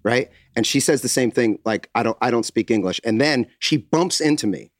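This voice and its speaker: A man's voice: mid-range voice, animated, normal speed, no room sound, clean studio sound. A middle-aged man, a podcast co-host, telling a story in casual chat, acting out quotes and swearing freely.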